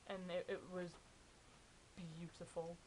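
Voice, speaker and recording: A young adult woman, excitedly telling fan stories in a casual vlog. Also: fairly low pitch, slow, slight background noise, low-quality recording. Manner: chatty, excited retelling of fan anecdotes. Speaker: vlogger.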